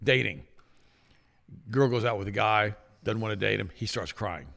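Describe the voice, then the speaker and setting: A man's voice: lowish voice, moderate pace, creaky. A man co-hosting a talk show, telling stories with acted-out quotes in opinionated casual talk. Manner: lively storyteller, acts out quoted voices, repeats himself.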